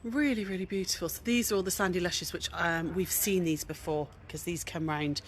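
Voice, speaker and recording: A middle-aged woman hosting a casual walk-around vlog at a quilt show, chatty and gushing, dropping to hushed admiration. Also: on the low side, fairly even intonation, brisk, slight background noise. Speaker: craft shop host showing a quilt show. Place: large indoor exhibition hall.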